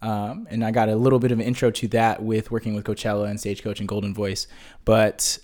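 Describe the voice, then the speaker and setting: A man's voice: lowish voice, flat delivery, quick pace, darkish tone. Young man, laid-back, slangy, lots of fillers, casual interview guest. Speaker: guest, marketing business owner.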